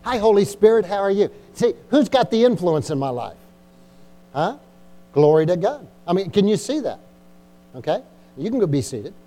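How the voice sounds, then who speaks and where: High, mellow-voiced man preaching a sermon. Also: sing-song, moderate pace, long pauses. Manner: repetitive, exhorting, frequent "Amen?" and "Come on". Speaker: pastor. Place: church.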